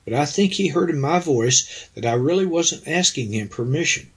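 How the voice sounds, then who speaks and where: A man's voice: fairly high pitch, expressive, moderate pace, slight background noise. A man, an actor being interviewed, reflecting in an earnest, anecdotal way and quoting conversations. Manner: earnest, anecdotal, quotes people in dialogue. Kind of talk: reflective storytelling.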